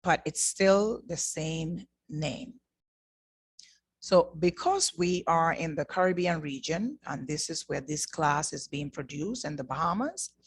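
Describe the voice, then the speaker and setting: Slow, patient woman teaching Spanish. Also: deep voice, husky. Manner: slow and patient, models pronunciation by repeating words. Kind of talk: online language lesson. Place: class produced in the Bahamas.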